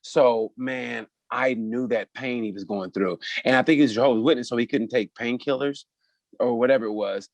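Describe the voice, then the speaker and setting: A man's voice: mid-range voice, moderate pace, no echo. A man from Oklahoma co-hosting a podcast, telling stories in casual, profane chat. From Oklahoma, USA. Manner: profane, animated storytelling. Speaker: podcast co-host.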